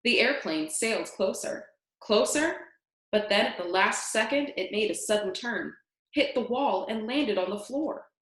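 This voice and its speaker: A woman reads a children's storybook aloud, with expression in every line. Her pitch rises and falls a lot. The recording sounds echoey. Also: normal speed. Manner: expressive, animated. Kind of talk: reading a children's book aloud. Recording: echoey room.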